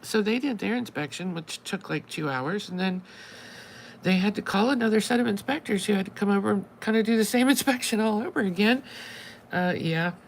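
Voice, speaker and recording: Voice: mid-range voice, fairly quick, a little hiss or hum, low-quality recording. A channel host telling a long story in casual live-stream chat, acting out both sides of each conversation with wry exasperation.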